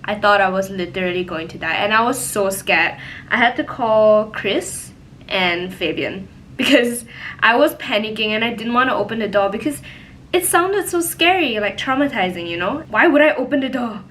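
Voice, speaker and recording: A young woman telling a personal story in a casual, animated way, full of "like" fillers. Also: medium pitch, moderate pace, slight background noise, poor audio. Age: young adult. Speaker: vlogger. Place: home, indoors.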